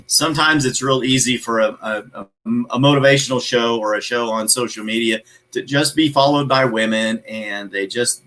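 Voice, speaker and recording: A man's voice: medium pitch, sharp tone, low-quality recording. A man hosting a live motivational show, talking emphatically in a preachy way, repeating his key phrases and greeting viewers by name.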